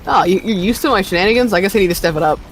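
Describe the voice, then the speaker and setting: A streamer chatting casually with friends during a co-op game, playful and teasing and quick to laugh. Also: medium pitch, slight background noise. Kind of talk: casual gaming chat.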